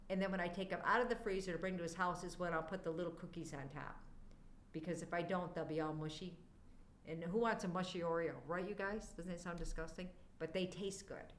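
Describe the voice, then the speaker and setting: A woman's voice: on the low side, echoey room, slight background noise. An older woman chatting casually with viewers on a live stream, affectionate and prone to wandering off on tangents. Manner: warm, affectionate to chat viewers. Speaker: livestreamer.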